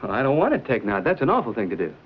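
A confident frontier adventurer who talks plainly and with a dry wit. His pitch moves a lot as he banters. The sound is muffled and lo-fi, like an old TV soundtrack. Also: wildly swooping pitch, very fast, husky. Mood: wry. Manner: plain-spoken, dry, wry. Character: confident young frontier hero, a wealthy planter. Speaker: narrator. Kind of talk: 1950s TV western acting. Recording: dull lo-fi 1950s TV soundtrack.

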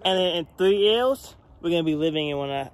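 A man's voice: on the high side, lively intonation, brisk. A male vlogger talking straight to his viewers outdoors in a park, hyped and motivational. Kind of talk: casual vlog chat. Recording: faint outdoor noise.

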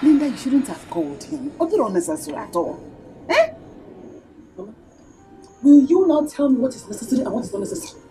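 Brief: high-voiced Nigerian mother, indignant, music faint under. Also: big pitch swings, a little fast, pauses often. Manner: indignant, challenging questions.

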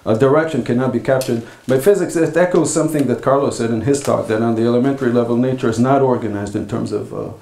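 A man giving an academic philosophy talk at a conference, speaking in a halting, thoughtful way with frequent pauses. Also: mid-range voice, creaky, warm tone. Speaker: philosophy lecturer. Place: lecture hall. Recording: echoey lecture hall.

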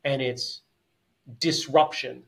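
A man's voice: medium pitch, steady tone, slow pace, vocal fry. A man co-hosting a martial arts podcast, talking things through in long, thoughtful sentences with frequent restarts. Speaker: podcast co-host. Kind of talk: casual podcast conversation.

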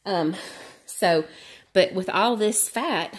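Lady vlogging on her exercise bike, kinda breathless, lowish voice, lots of ums. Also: animated, slow, long pauses. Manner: chatty, candid, many fillers. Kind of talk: casual talk to camera while cycling.

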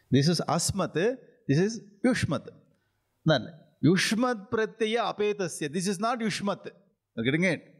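A man with an Indian English accent, a spiritual teacher giving an interactive scripture class. He keeps checking that his listeners follow, chuckles often, and draws out Sanskrit phrases slowly when he recites them. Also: high voice. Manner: repeats checks like "are you getting it?", chuckles often.

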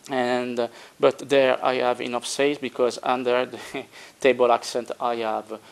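A man's voice: mid-range voice, little pitch movement, a little slow, gravelly, smooth. A man who is not a native English speaker explains his hobby build step by step in a casual how-to style, hesitating often and correcting himself. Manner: hesitant, many filler sounds, self-correcting. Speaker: hobbyist tutorial maker. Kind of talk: casual how-to narration while working.

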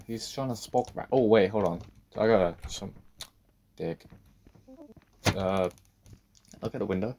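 A man giving a let's-play commentary on a horror game, talking to himself, swearing and breaking into sudden loud outbursts. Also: fairly low pitch, unhurried, pauses often, a little hiss or hum. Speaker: gaming video creator.

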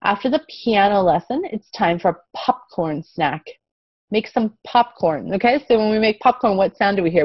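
A young woman from the United States teaching phonics to young children online, speaking slowly and clearly, repeating letter sounds and praising often. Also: mid-range voice, no room sound. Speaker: kindergarten English teacher. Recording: dull, dry lo-fi sound.

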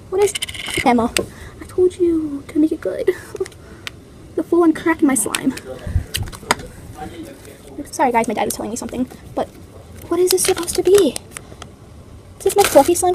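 Fast-talking high-voiced young girl vlogger. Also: background noise. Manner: chatty, playful, dramatic complaints. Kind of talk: casual unboxing vlog.

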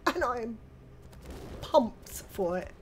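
Chatty older British woman gamer, higher voice. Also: a little hiss or hum. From United Kingdom. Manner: chatty, excitable, quick exclamations. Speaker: gaming channel host. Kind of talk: casual gameplay commentary.

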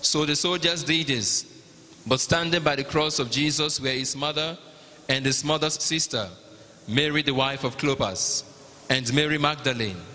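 A man with a Nigerian accent narrating the Passion at a liturgy, in a measured, even reading. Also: fairly high pitch. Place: large cathedral. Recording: long cathedral reverb.

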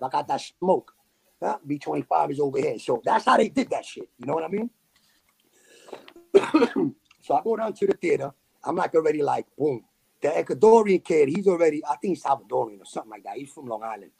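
A man from New City, telling a story as a podcast guest in animated street slang with sound effects. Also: fairly high pitch, creaky, husky. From New York City. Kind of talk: casual storytelling.

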